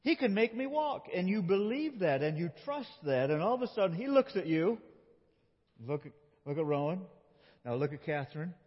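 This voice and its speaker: This male pastor has a fairly high, slightly rough voice and speaks at a normal speed. Playful and animated, he chats with children as they act out a scripture story. The dull recording captures a big, echoey church sanctuary.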